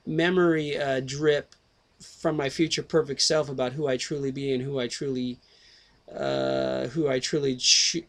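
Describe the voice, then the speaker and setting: A man rambling through a profane video monologue on a headset mic, swearing constantly, breaking off into tangents and restarting his sentences. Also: mid-range voice. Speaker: video host.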